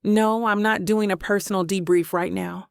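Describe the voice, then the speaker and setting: A woman voicing a sharp-tongued young woman romance author with a Southern accent, snapping sarcastic retorts. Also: medium pitch, steady tone, moderate pace, gravelly, dry recording, studio quality, natural voice. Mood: angry.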